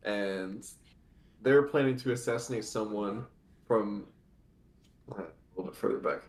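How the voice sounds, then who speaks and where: A man's voice: lowish voice, unhurried. A man co-hosting a casual anime podcast, recapping the plot in long rambling run-on sentences. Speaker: podcast co-host. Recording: echoey room.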